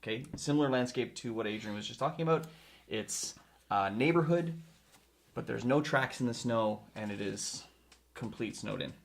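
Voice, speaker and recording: A man's voice: medium pitch, moderate pace, creaky. A man hosting a podcast, walking his co-creators through a film scene step by step in a casual chat. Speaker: filmmaker host. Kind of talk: casual story pitch.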